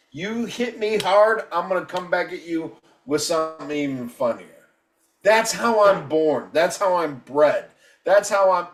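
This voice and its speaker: A man's voice: sits high, far from the mic. A man around fifty ranting on a casual podcast, combative and heavy on profanity. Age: 50s. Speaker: podcast co-host. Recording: echoey room, voice off-mic.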